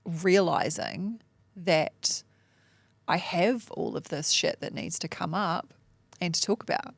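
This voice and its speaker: A woman's voice: on the low side, takes it slowly, creaky, no room sound. A woman speaking candidly as a coaching client on a podcast, frank and self-deprecating, swearing casually and laughing often. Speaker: coaching client, mom and entrepreneur.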